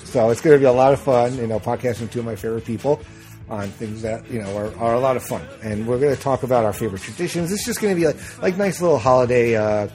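A man's voice: medium pitch, fast, darkish tone, soft background music. A middle-aged man hosting a podcast in casual chat, rambling with lots of fillers and restarts. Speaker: podcast host.

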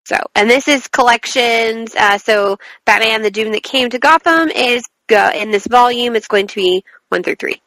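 A woman's voice: fairly high pitch, normal speed, hardly any pauses, a bit bright, dry recording, poor audio. A woman co-hosting a casual podcast chat, talking loosely, laughing at her own slips and stumbling over words now and then. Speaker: podcast co-host. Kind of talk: casual chat and reading a book blurb aloud.

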